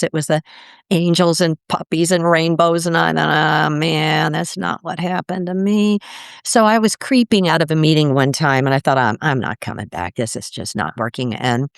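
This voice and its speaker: An older woman, a podcast guest, telling her story in casual conversation and acting out quoted voices with big jumps in pitch. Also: gravelly, dry recording, clean studio sound.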